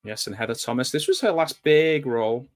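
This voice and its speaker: A man's voice: mid-range voice, lively intonation, fairly quick. A man giving a casual, rambling live commentary while watching a movie, drifting into nostalgic asides. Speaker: film commentator.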